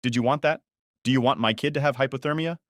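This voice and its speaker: A man voicing an entitled middle-aged mother who talks down to people and turns shrill when angry. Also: quick pace, no echo, clean studio sound, close to an everyday voice. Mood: indignant.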